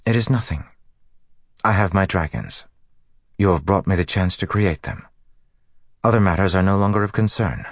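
A man voicing a curt, stern female bomb-maker in an audiobook, speaking in a flat, formal, vaguely hostile way. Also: sits low, normal speed, long pauses, no echo, studio quality, voice pushed up. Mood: firm. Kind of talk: audiobook character voice.

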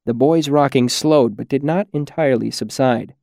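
A man narrates a first-person audiobook in a measured, quiet reading. His voice sits at an ordinary middle pitch, and the recording is close and dry with no room sound. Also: gravelly, no room sound.

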